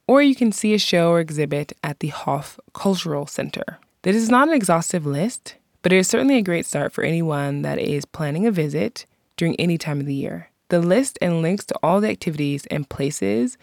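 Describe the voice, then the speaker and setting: A podcast host giving scripted narration in an informative way, slowing down to pronounce local words. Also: medium pitch, expressive, vocal fry, dry recording, studio quality.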